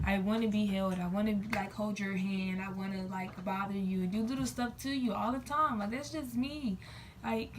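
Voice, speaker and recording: A woman's voice: on the high side, far from the mic, a little hiss or hum. A young woman telling a personal story to her viewers in a casual, chatty way, filling her talk with "like" and acting out what people said. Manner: chatty, lots of "like", quoting herself and others. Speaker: storytime vlogger.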